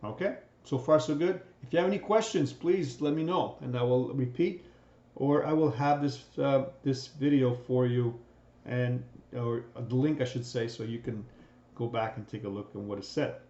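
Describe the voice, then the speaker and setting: A man's voice: medium pitch, moderate pace, mellow. A man teaching a recorded lesson in a conversational way, often checking in with "right?" and restarting his sentences. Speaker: instructor. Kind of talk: recorded lecture on communication. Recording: roomy, dull sound.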